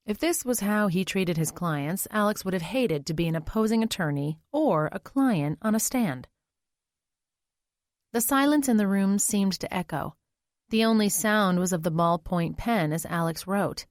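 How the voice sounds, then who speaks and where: This is scripted audiobook narration by a woman whose voice leans low. She keeps an even, measured storytelling manner, captured as clean studio sound with no room sound.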